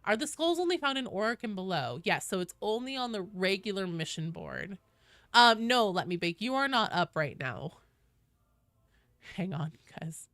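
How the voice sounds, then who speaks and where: Casually chatting on a live stream from her closed-door home office, this young woman talks to her viewers and her cat and reads out the queue as she plays. She has a medium-pitched, very animated, slightly bright voice at normal speed, captured in a dry recording.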